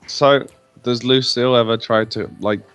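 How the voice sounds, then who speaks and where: A man's voice: mid-range voice, fairly even intonation, normal speed, a bit bright, clear, resonant tone. A man playing a tabletop game, chatting and joking casually with the group. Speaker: player. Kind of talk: casual chat.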